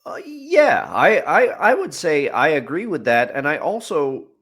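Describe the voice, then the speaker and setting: A man's voice: a little high, huge pitch swings, unhurried, a bit bright. A man co-hosting a casual podcast, easygoing and jokey. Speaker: podcast co-host.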